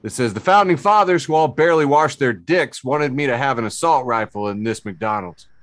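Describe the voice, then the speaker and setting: A man's voice: mid-range voice, lively intonation, a little fast, no room sound. A man hosting a casual comedy podcast, rambling with lots of fillers and frequent laughs. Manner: rambling, many fillers and restarts, laughs often. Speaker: podcast host.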